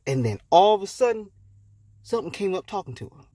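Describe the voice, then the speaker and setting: A man's voice: sits high, big pitch swings, a little fast, mellow, dry recording. A man hosting a comedic retelling, narrating in laid-back slang. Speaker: host. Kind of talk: comedic storytelling.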